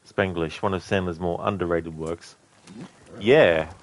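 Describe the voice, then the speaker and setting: A man with a very low voice streams a game. He chats along casually and answers viewers, rambling between thoughts with many fillers. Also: steady tone, a little slow, slight background noise. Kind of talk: casual gaming commentary.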